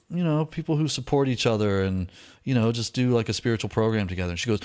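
Middle-aged man, lower-pitched voice, easygoing storyteller who mimics the people in his tale. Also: rapid-fire. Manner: casual, laid-back, slangy storytelling with lively put-on voices for quoted people. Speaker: speaker sharing a recovery story. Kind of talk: personal storytelling talk.

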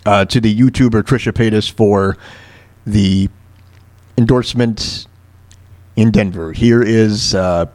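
Halting, emotional male radio host. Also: fairly low pitch, steady tone, a little mellow. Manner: halting, stammering, full of fillers and restarts. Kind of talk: heartfelt on-air thank-you.

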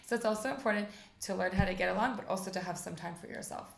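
An American woman in her forties talks in a chatty, upbeat way, full of "like" and "you know". Her mid-pitched voice has a gravelly, creaky texture. The sound is echoey, as if from a reverberant room. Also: fast. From United States. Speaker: interview guest, rabbi's wife. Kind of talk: casual conversational interview.

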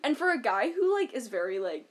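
A woman co-hosting a podcast, chatting casually about a reality show, full of "like" and quick laughs. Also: a little high, big pitch swings. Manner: chatty, lots of "like", laughs often. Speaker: podcast co-host.

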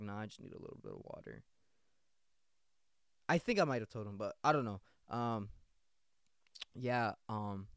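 A man's voice: mid-range voice, clear, resonant tone, no echo, clean studio sound. A young man hosting a podcast, telling a story in a rambling, slangy, profane way, full of restarts. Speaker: podcast host. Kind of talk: casual storytelling.

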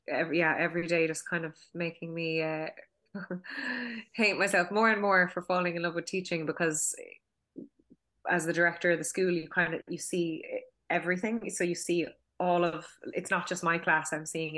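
Bright, lower-voiced Cork Irish woman. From Cork, Ireland. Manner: chatty, many restarts and fillers, laughs often. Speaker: filmmaker and acting school director. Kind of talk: casual interview chat. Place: at home.

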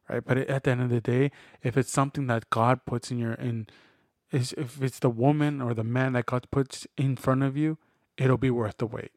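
A man's voice: mid-range voice, steady tone, moderate pace, no room sound. Earnest man, dry close sound. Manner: reflective, earnest, retells conversations in quoted voices. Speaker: podcast co-host. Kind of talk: casual faith conversation.

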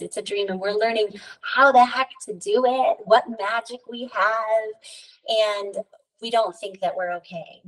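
A woman's voice: medium pitch, recorded from a distance, poor audio. Earnest woman, a little off-mic. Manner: earnest, storytelling, many fillers like "right?" and "you know". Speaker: podcast guest, spiritual teacher. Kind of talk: casual spiritual conversation.

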